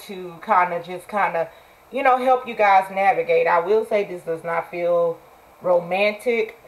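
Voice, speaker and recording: A woman's voice: medium pitch, poor audio. A woman in her forties giving a casual tarot reading, talking candidly and bluntly, cursing freely and repeating phrases for emphasis. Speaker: tarot reader.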